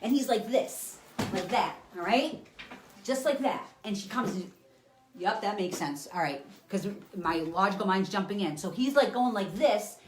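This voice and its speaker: A woman psychic medium giving a live reading for viewers. She is animated, blunt and profane, acting scenes out with sound effects and talking to an unseen listener. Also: mid-range voice.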